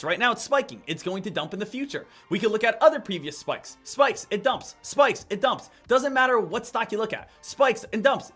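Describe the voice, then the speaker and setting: A man with a high, bright voice talks through live stock trading commentary. He is energetic and repetitive, and hammers his points home. Faint music plays underneath.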